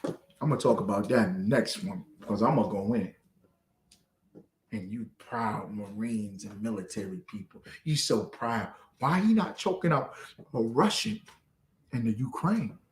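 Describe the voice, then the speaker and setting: A man preaching fiercely, swinging between shouts and low, muttered lines. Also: measured pace, roomy sound. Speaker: street preacher. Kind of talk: fiery street preaching.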